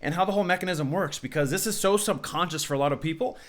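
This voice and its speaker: A man's voice: a little high, fast talker. Slangy, upbeat man talking to camera. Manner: energetic, slangy, acts out quoted people. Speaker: self-improvement vlogger. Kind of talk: unscripted talk to camera.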